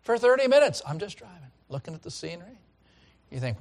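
A middle-aged man preaching a sermon as pastor, swinging from loud calls to hushed lines. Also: fairly high pitch, big pitch swings, fast.

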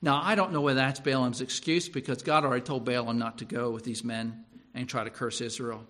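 A male preacher retelling a story in an animated sermon, often repeating himself and restarting. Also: mid-range voice, brisk.

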